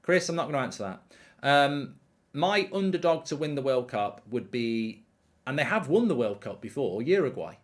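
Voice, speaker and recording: A man's voice: mid-range voice, animated, normal speed. A man hosting a live football watchalong, chatty and rambling with lots of ums. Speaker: host.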